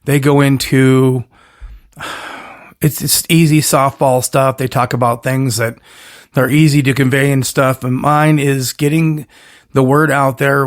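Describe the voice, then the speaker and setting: A man hosting his own solo podcast, talking in a rambling, emphatic way with punchy catchphrases and frequent self-corrections. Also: medium pitch. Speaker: podcast host.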